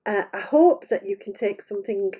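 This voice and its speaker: Animated and mellow, with a slightly rough edge, this woman's mid-range voice moves at a moderate pace. As an intuitive medium on a live stream, she speaks off the cuff to camera about spiritual topics from a room full of her paintings, meandering, saying "uh" a lot, and quick to laugh.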